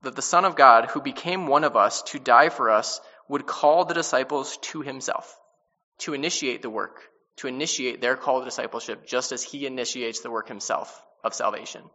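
A man teaching a casual Bible study, reading passages and explaining them in a conversational way with many restarts and quick paraphrases. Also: medium pitch, pushed and bright. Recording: dull-sounding with long hall reverb.

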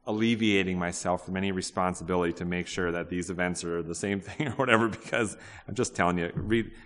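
Deep-voiced man preaching in a reverberant hall. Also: a bit bright. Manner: conversational, asks the congregation questions, frequent restarts. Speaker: pastor. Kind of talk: sermon. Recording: long reverb of a large hall.

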